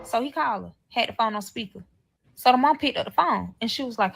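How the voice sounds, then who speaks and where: A woman telling viewers a personal story loudly and full of swearing, slipping into the voices of the people in it. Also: fairly high pitch, fairly quick, vocal fry, loud music behind the voice. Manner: animated, swearing, acts out the voices of others. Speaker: storyteller in a played clip.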